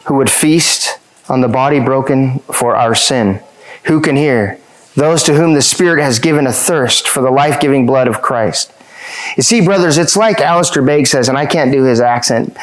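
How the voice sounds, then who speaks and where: A male pastor delivering a sermon in a slightly higher-pitched voice. He reads scripture passages aloud and circles back to the same questions again and again to drive his point home. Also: poor audio.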